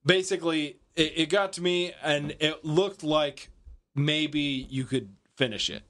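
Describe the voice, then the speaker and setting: A man's voice: on the high side, fairly even intonation, a little slow, a bit bright. A man co-hosting a podcast, telling a rambling, profane story in casual chat, with many restarts and fillers. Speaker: podcast co-host.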